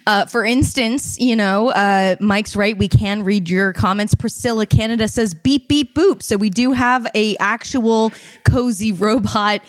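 A woman's voice: medium pitch, fairly even intonation, unhurried, no room sound. A woman co-hosting a live-streamed podcast, giggly, bubbly, and a bit rambling. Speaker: co-host. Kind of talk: casual live-stream chat.

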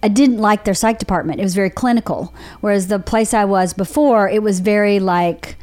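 A woman's voice: medium pitch, fairly quick, hardly any pauses. Southern woman telling candid stories. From Georgia, USA. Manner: candid storytelling with animated put-on quotes. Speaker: podcast host. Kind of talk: casual chat.

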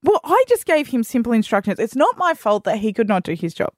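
Woman radio co-host, high, lively storyteller, dry studio sound. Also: brisk, dry recording. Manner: animated storytelling, playful teasing. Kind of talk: casual on-air banter.

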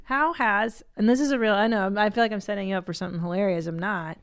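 Woman in her 40s hosting a podcast, jokey and teasing, middle-pitched voice. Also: fast talker, creaky, clean tone. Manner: playful, joking, laughs often. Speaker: podcast host. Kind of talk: casual chat.

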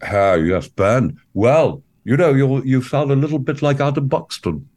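A man playing a bumbling, earnest small-business entrepreneur in a comedy interview, speaking in halting stops and starts full of ums. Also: mid-range voice, darkish tone, close to an everyday voice. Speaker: interview guest.

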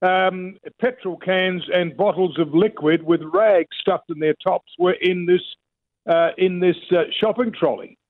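A man reports to a radio host in a relaxed chat, often stopping to search for words. His voice sits slightly high and sounds thin and tinny, as if on a phone line. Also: measured pace. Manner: chatty, with frequent fillers and restarts. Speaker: radio correspondent.

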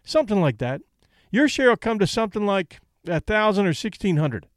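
A man's voice: sits high, sing-song, a little fast, no echo, studio quality, pitched above the performer's own voice. A man reading an audiobook, voicing a cocky, shrewd young male boxer with a breezy, boastful manner. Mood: persuasive.

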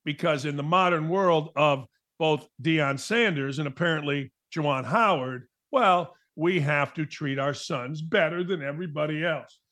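A man's voice: on the high side, moderate pace, a bit bright. A middle-aged man hosting a sports talk show, delivering a blunt, emphatic monologue with a mocking edge.

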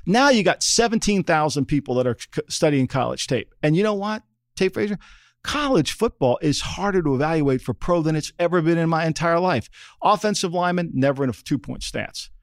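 This football podcast co-host, a middle-aged former NFL front-office man, talks sports casually but forcefully, repeating points and asking "okay?" often. He's on the high side, expressive, and brisk, in a dry recording with clean studio sound.

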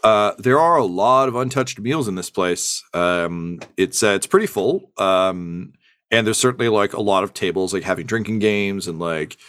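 A young man narrates a tabletop game in a fairly low voice. He rambles, hunting for words with many ums and uhs. The sound is dry and close. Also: normal speed, a bit bright, dry recording. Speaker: game master.

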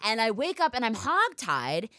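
Animated, foul-mouthed young woman storyteller. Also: fairly high pitch, normal speed, dry recording, studio quality. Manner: animated, profane storytelling with exaggerated quoted voices. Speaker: podcast host. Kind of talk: casual storytelling chat.

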